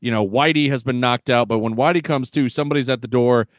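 A man in his thirties co-hosting a podcast, joking about old movies in a wisecracking, animated way and laughing often. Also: mid-range voice, fast talker, no room sound, studio quality. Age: 30s. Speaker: podcast co-host. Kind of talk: casual movie-review chat.

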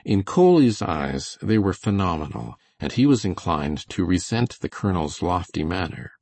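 A man narrates a novel in a measured, steady way. His deep voice is gravelly and husky, and the sound is dry and close to the mic with no room echo. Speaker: audiobook reader. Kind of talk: scripted narration.

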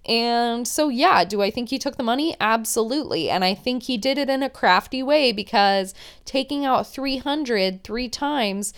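Brief: young woman podcast host, chatty and opinionated, clear smooth voice on the high side. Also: moderate pace. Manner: chatty, opinionated, many "like" fillers. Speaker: podcast host recapping a reality show. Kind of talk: casual recap chat.

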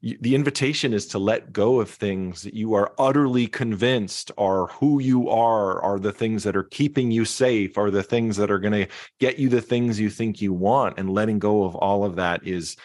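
A man's voice: fairly low pitch, normal speed, no echo, studio quality. A man, a podcast guest speaking reflectively with frequent restarts. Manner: reflective, many restarts and soft fillers. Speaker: podcast guest, singer-songwriter and keynote speaker. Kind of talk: conversational podcast interview.

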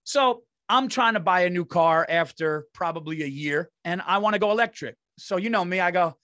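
A man's voice: high-pitched, a little fast, few pauses, sharp tone, no echo, studio quality. A man and comedian hosting a podcast, telling rambling, profane stories in casual chat.

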